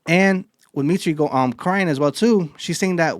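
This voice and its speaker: A man hosting a casual anime podcast, excitedly retelling a chapter and swearing freely. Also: on the high side, moderate pace, no room sound, studio quality. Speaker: podcast host.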